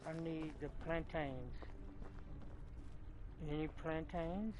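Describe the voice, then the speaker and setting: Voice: mid-range voice, steady tone, a little slow, long pauses, rough recording. A gaming channel co-host giving let's play commentary, talking to themself while playing and yelping when chased.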